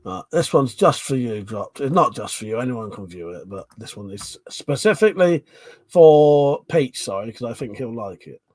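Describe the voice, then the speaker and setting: A man's voice: medium pitch, expressive, normal speed, darkish tone. A man hosting a casual livestream, chatting loosely and reading viewers' comments aloud, rambling and swearing freely with many fillers and restarts. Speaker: livestream host.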